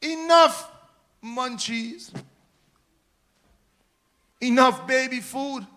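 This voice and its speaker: A man preaching a sermon to a church, with rhetorical questions and dynamic swings from hushed words to shouting. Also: very high-pitched, extremely slow.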